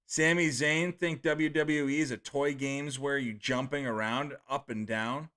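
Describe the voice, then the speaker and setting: A man's voice: medium pitch, steady tone, measured pace, hardly any pauses, fairly bright tone. A man in his thirties streaming live, reading out viewer names and comments with retakes and stumbles over names.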